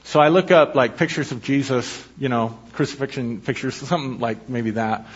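A man preaching a sermon as pastor, telling a personal story in a conversational way with quick asides. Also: mid-range voice, breathy edge. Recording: dull lo-fi sermon recording.

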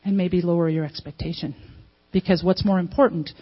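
A woman's voice: lowish voice, steady tone, a little fast, breathy edge, lo-fi sound. A woman preaching a sermon in a conversational way, putting questions to the congregation and acting out little quotes. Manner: conversational, asks the audience questions, acts out quotes.

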